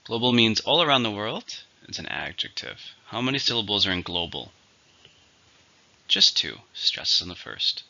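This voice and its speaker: Over a dull, lo-fi recording, a gravelly-voiced man teaches English vocabulary at a moderate pace, methodically going over syllables, stress and example sentences. His voice is somewhat low yet very bright and tense, its pitch animated and wide-ranging.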